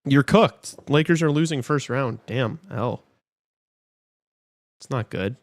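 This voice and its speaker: A young man co-hosting a live show, chatting loosely and breaking into sudden excited outbursts. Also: medium pitch, slow pace, no room sound, clean studio sound. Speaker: podcast co-host. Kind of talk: casual live game-watch chat.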